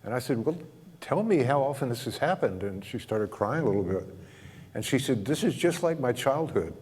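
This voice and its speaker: A man's voice: medium pitch, moderate pace, husky. Man telling stories in a reverberant hall. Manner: relaxed anecdotal storytelling, acts out both sides of dialogue, chuckles often. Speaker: speaker telling a counseling story. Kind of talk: storytelling talk to a group.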